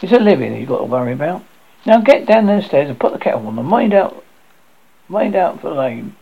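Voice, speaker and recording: Man doing a scolding older mum, sarcastic, raised pitch, gravelly edge, dull lo-fi sound. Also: very animated, brisk, full character voice. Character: sharp-tongued older mother, scolding and mocking.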